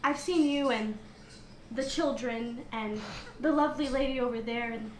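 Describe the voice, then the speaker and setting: A woman's voice: on the high side, moderate pace, reverberant, a little hiss or hum, low-quality recording. A woman playing a tabletop role-playing game in a coy, mysterious way. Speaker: player.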